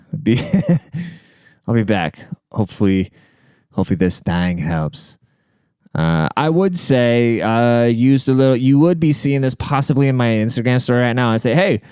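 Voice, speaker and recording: A man's voice: fairly low pitch, darkish tone, smooth, no echo, studio quality. Rambling, profane podcast host, man. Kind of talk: casual storytelling monologue.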